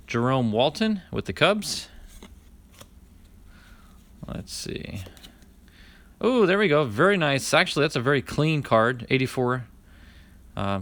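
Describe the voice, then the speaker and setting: A man's voice: on the high side, fairly bright tone. Man, casual card-opening commentary, chatty, reads names in a running list, talks to viewers. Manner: talks to live viewers by name.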